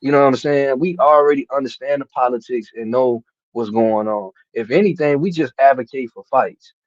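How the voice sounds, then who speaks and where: A man's voice: mid-range voice, normal speed, no room sound. A man hosting a casual boxing talk show, rambling and cursing, often asking "you know what I'm saying". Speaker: boxing podcast host. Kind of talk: casual chat. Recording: dull dry lo-fi mic.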